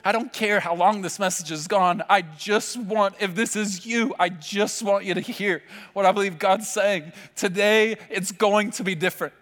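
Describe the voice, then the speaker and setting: High-voiced preacher in a big echoing hall. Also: male voice, steady tone, a bit bright. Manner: vivid, impassioned storytelling with dramatic pauses. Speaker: pastor. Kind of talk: sermon. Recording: long hall reverb with faint music. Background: faint music.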